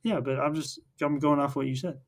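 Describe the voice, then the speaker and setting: A man's voice: a little high, fairly even intonation, a little fast. A man co-hosting a casual film podcast, recapping the plot in a rambling way with many fillers and restarts. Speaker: podcast co-host.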